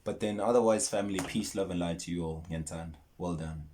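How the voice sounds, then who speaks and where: A young South African man with a South African accent, signing off a casual film breakdown vlog in a playful way and jumping into high exclamations. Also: quick pace, darkish tone, slight background noise.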